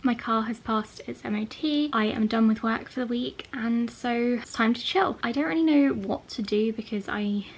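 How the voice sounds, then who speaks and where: A woman's voice: fairly high pitch, moderate pace, few pauses, low-quality recording. A young woman chatting casually in a reading vlog, often doubling her words for emphasis. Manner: chatty, says "really" twice for emphasis. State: unwell, a bit out of breath. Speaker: book vlogger.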